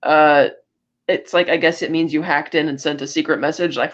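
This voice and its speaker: Her voice is deep, with fairly even intonation and a moderate pace: a woman co-hosting a podcast, casually recapping movies by retelling scenes and playing out the characters' lines. The audio is dull.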